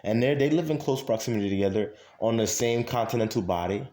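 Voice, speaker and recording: A man's voice: medium pitch, fast, dark tone. A man in a casual monologue to camera, talking emphatically with many fillers and repeating his points. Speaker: vlogger. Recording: echoey room.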